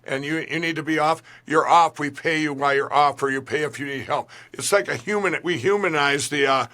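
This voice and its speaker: Rambling, bright-voiced man telling his story. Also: a little high, a little fast. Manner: rambling storyteller, many restarts. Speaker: guest. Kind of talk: conversational interview.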